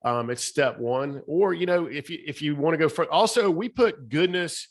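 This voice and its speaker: The pitch here is fairly high and the pace moderate. This middle-aged, Southern-accented speaker and author talks emphatically on a podcast as a guest, offering motivation with repeated key phrases and a slightly shaky voice.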